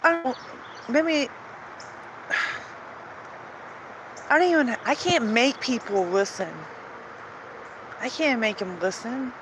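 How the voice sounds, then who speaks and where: A woman's voice: a little high, takes it slowly, pauses often, background noise. A woman talking earnestly and emotionally in a rambling personal monologue, pleading at times. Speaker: vlogger sharing religious visions.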